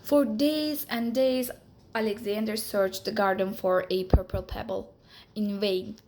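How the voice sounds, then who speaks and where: Speaking in a mid-range voice, a woman tells the story of a children's picture book aloud, slowly and with plenty of expression.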